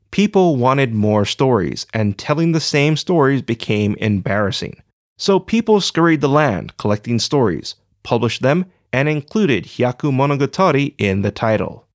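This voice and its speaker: A man narrating a scripted story in a measured, even delivery. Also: mid-range voice, no echo, clean studio sound.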